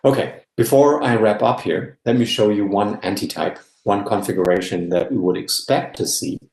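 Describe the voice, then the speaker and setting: A man giving an academic guest lecture in a measured way, often checking in with "yeah?". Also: on the low side, a little mellow, roomy sound, poor audio. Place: live-streamed online talk.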